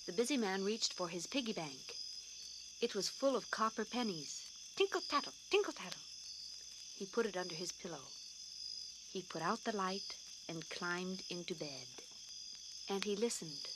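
A woman reading a bedtime story aloud in a soothing, soft-spoken way, whispering the sound effects. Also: medium pitch, moderate pace, background noise. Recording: crickets chirping in the background.

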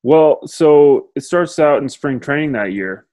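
A man from Canada answering interview questions in an easygoing, measured way. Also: on the high side, lively intonation, dark tone, dry recording. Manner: easygoing, measured, frequent fillers. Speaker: professional baseball pitcher, guest.

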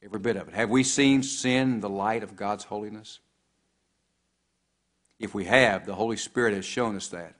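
Low-voiced man preaching a sermon. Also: moderate pace, long pauses, a bit bright. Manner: preaching with scripture quoted in old English, rising and falling emphasis.

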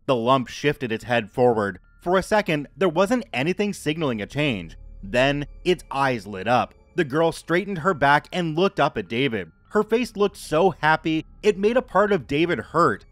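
Measured male story narrator. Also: fairly high pitch, dry recording. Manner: measured, even reading. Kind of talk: scripted horror story narration.

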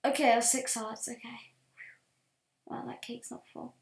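A woman hosts a let's play, commenting on her game with excitable outbursts that drop to low muttering. Her voice sits a little high and she talks at an unhurried pace. The room has an echo. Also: creaky. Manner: excitable, swings from quiet muttering to loud shouts. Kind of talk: gameplay commentary. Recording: roomy echo.

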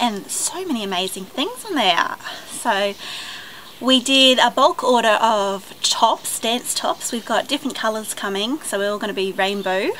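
An Australian woman filming a casual unboxing vlog at home, gushing with excitement, gasping and squealing as she talks to a handheld camera. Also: fairly high pitch. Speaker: vlogger. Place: at home, partly outdoors by the driveway. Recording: noisy home camera recording.

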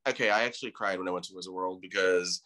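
A man's voice: low voice, steady tone, rapid-fire, bright, forceful tone. A man in his thirties, a podcast guest, telling stories in a rambling, effusive way. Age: 30s. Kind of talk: casual chat.

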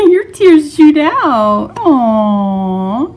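High, slow-cooing woman playing with a doll. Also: very animated, darkish tone, soft background music. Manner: cooing, soothing mommy talk. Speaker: toy reviewer. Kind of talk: doll play and unboxing.

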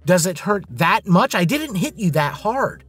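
A man voicing an angry, proud young woman heiress with sharp, indignant retorts. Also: high-pitched, very animated, a little slow, breathy edge, faint music behind, pitched above the performer's own voice, exaggerated voice. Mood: apologetic.

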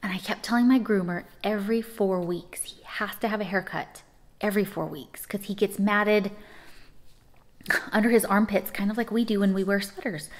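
A middle-aged woman chatting casually to camera at home as a vlogger, talkative and quick to break into laughter. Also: mid-range voice.

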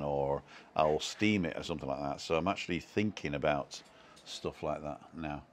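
Streaming live from home, a low-voiced man keeps things casual, poking fun at himself while he reads out comments from his viewers.

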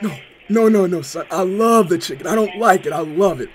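A man's voice: high voice, animated, a little fast, pitched below the performer's own voice. A young man putting on the voice of a brash, swearing father calling a restaurant to rave about its chicken. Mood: rowdy. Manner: loud, crude, cursing, insistent. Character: brash swearing middle-aged dad raving about chicken. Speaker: prank caller.

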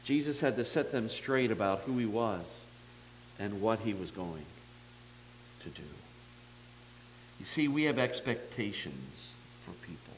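Lively, chatty man preaching a sermon. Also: lowish voice, a little slow, long pauses, a little hiss or hum, rough recording. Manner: conversational, folksy storytelling that acts out dialogue; self-deprecating humor. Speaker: pastor.

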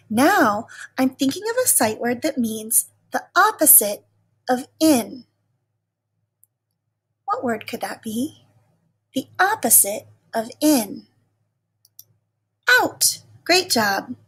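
Teacher lady, slow and patient, a bit breathy, kinda high voice, cheering little kids on. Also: a bit bright. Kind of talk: recorded lesson for young children.

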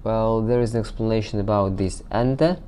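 A man teaching a recorded language lesson. He reads out example sentences, then explains them slowly with frequent hesitations and fillers. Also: on the low side, mellow, slight background noise. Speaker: Arabic teacher.

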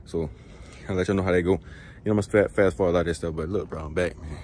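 A man's voice: deep voice, steady tone, very fast, a little mellow, a little hiss or hum. Breathless young man vlogging his workout. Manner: slangy, rambling, laughs at himself. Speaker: truck driver vlogger. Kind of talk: casual workout vlog chat. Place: outdoors in a truck parking lot.

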